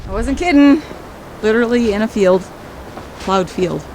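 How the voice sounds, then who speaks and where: A woman's voice: on the high side, expressive, moderate pace, a little mellow, a little hiss or hum. A woman travel vlogger narrating casually on a hike, chatty and laughing easily. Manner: chatty, laughs often, enthusiastic. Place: outdoors on a hike, then in town.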